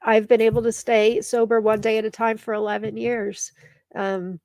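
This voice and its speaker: A woman's voice: fairly high pitch, little pitch movement, normal speed, darkish tone, dry recording. A middle-aged woman hosting a casual live stream, teary and emotional as she reads viewer comments aloud. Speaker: live show host.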